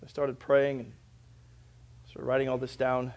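A male pastor preaching a sermon in a church, moving between loud, fervent proclamation and quiet, conversational storytelling. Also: medium pitch, completely flat delivery, unhurried, muffled recording.

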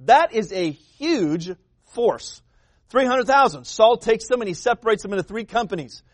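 A man, a pastor, preaching a sermon in a conversational, animated way, retelling the story and acting out the people in it. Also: high voice, no echo.

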